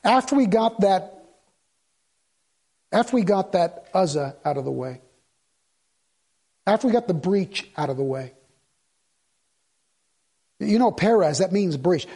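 A man's voice: sits high, measured pace, pauses often, breathy edge. A man preaching as a pastor, telling stories animatedly and acting out both sides of a conversation. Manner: animated storytelling, acting out dialogue. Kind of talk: sermon.

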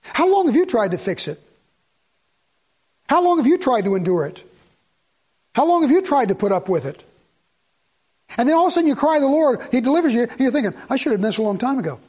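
A man with a high voice preaches a sermon. He talks to the congregation in a conversational way and poses rhetorical questions. Now and then he sinks to a quiet, low voice for emphasis. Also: very animated, fast, pauses often, husky. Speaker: pastor.

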